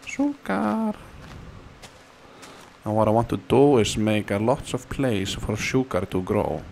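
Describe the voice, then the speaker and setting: A man casually commenting on his game, playful and sing-song, now and then squealing words in a high silly voice. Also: moderate pace, vocal fry, darkish tone, slight background noise. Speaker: gamer.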